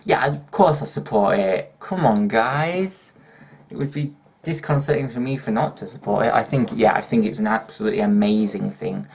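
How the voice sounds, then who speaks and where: A man's voice: on the low side, normal speed, creaky, darkish tone, breathy edge. A young man with a northern English accent, chatting hyperactively in a Q&A vlog, swearing and laughing often. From northern England. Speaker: YouTuber. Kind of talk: casual Q&A vlog.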